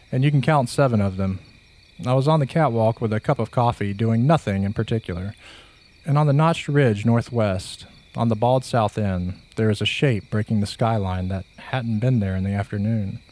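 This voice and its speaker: A man narrating a first-person horror story in a slow, measured, hushed way. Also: lowish voice.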